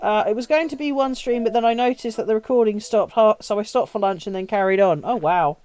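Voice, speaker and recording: A woman's voice: mid-range voice, a little fast, darkish tone, soft background music. A woman live-streaming a game, chatting casually with her viewers, swearing freely and laughing often. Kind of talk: casual live-stream chat while playing.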